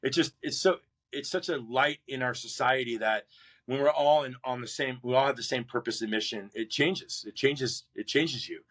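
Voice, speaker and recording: Animated man retelling a vivid story. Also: medium pitch, moderate pace. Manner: animated storyteller who acts out drill instructors and shouts his own replies; many restarts and repeated words. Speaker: guest, Marine veteran. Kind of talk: storytelling in a podcast interview.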